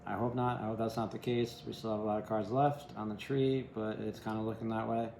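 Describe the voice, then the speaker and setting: A man's voice: on the low side, flat delivery, a little fast, vocal fry, mellow, slight background noise. A man giving a casual tarot reading in a rambling way, often asking "right?" and adding wry, self-deprecating asides. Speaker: tarot reader. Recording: echoey room.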